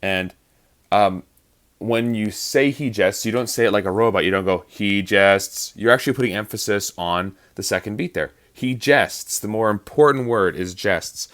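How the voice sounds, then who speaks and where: A man's voice: on the low side, moderate pace. A man teaching actors about verse rhythm in a lecture, explaining patiently and counting out beats to show stress. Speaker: acting teacher.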